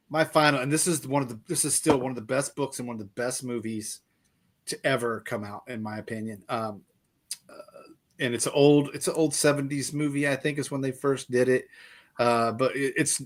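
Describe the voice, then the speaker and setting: A man hosting a casual book chat, enthusiastic and halting as he talks, often repeating words. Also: mid-range voice, fairly bright tone. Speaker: podcast host.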